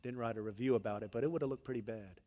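A man preaching a sermon in a church, telling stories in an animated, conversational way. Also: mid-range voice, rapid-fire, in a large hall. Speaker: pastor. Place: church sanctuary.

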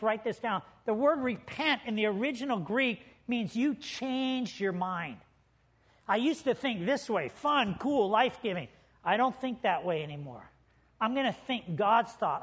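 Pastor, high-pitched man, emphatic sermon delivery. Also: fairly bright tone. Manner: emphatic preaching, addressing listeners as friends.

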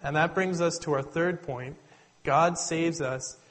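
A man's voice: on the high side, a little slow, rough recording. Conversational man preaching a sermon. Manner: conversational, animated storytelling.

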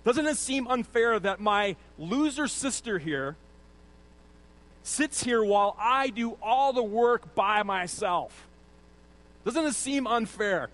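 A man's voice: high-pitched, animated, takes it slowly, a bit bright, heavily acted. A male preacher voicing an exasperated, overworked woman who complains that she does all the work alone. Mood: indignant. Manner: pleading, indignant.

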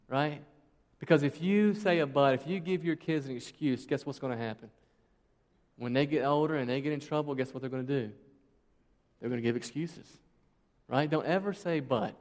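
A man's voice: on the high side, brisk, a little mellow. Man preaching in a reverberant hall. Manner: conversational and emphatic, rhetorical questions. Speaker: pastor. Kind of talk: sermon. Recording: long reverb of a large hall.

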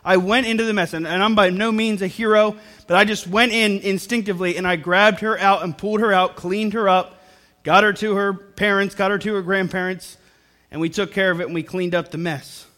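A young male pastor preaches to a congregation in a church with a rather high voice. He speaks earnestly and comes back to the same phrases again and again to drive each point home. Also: steady tone, a little fast, sharp tone. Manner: earnest, repeats phrases for emphasis, talks to the congregation. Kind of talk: sermon. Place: church service before a congregation.

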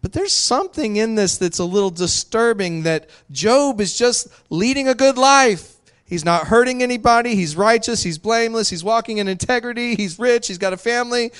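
A man's voice: very high-pitched, animated, normal speed, a bit bright, clean tone. A male pastor preaching a sermon in a candid, conversational way, laughing often.

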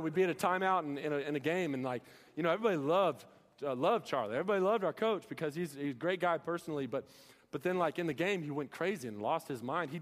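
This earnest sermon comes from a young male preacher who pelts the congregation with rhetorical questions in an expressive, quick delivery. His pitch sits a little above the typical male range, and the church hall gives his voice a long, ringing reverb.

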